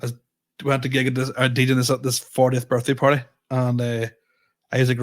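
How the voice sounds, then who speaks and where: Man, quick talker, mid-pitched voice, rambling sweary storyteller, podcast chat. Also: steady tone. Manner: rambling anecdotes full of swearing and restarts. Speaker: podcast co-host, comedian.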